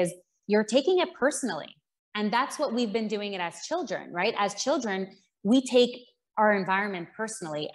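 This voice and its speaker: A woman speaks as a guest on a podcast, laying out her thinking in a steady, earnest way. Her voice sits at an ordinary middle pitch, and she moves from everyday examples to the points they illustrate. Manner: earnest, explains with examples and quotes. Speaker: parenting coach, guest. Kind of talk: explanatory podcast conversation.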